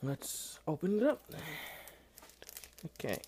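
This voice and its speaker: Filming himself on a phone camera with headphones plugged in, a man unboxes something in his home kitchen, rambling casually and running himself down with plenty of fillers and apologies. His mellow voice is fairly high and swings widely in pitch as he takes his time. There's slight background noise.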